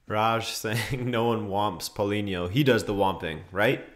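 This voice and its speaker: A young man hosts a football watchalong stream in a voice on the low side with a bit of brightness. He chats casually, reads out viewer comments, and reacts to the match with laughs and exclamations.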